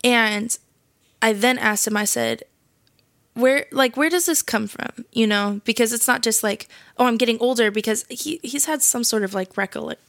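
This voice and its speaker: A woman's voice: fairly high pitch, moderate pace, creaky, a bit bright, no room sound. A young woman hosting a casual faith podcast, chatty and slangy, laughing often as she tells a story. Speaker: podcast host.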